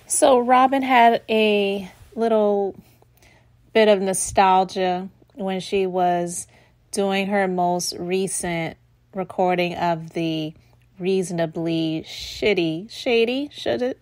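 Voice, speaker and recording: A woman hosting a podcast, talking in casual commentary with quick, playful, sardonic asides. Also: mid-range voice, a little mellow, no echo, clean studio sound. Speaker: podcast host.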